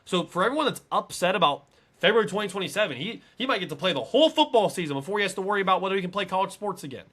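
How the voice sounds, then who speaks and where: A man co-hosting a casual sports podcast, talking emphatically and building to excited peaks. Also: sits high, very fast. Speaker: podcast co-host.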